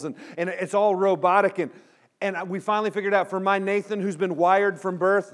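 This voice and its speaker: A man with a slightly high voice delivers a storytelling sermon to a live audience of students. He acts out the people in his story with lively energy, then settles into a quiet, earnest tone to drive his point home. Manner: drops to a quiet, earnest tone at the close.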